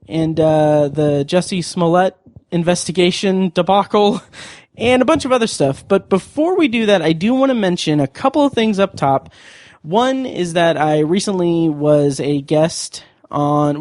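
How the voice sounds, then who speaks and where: A man hosts a movie podcast in a high, light voice. He talks fast and casually and laughs often. The sound is dry and close, with no room around it. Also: a little mellow, no room sound. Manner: quick, chatty, laughs often. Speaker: podcast host.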